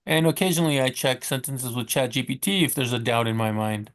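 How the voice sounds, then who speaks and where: An American man teaching Spanish in a casual, rambling way, full of fillers and restarts, drawing out example words slowly. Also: mid-range voice, fairly bright tone. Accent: American English. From United States. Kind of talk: casual spoken lesson.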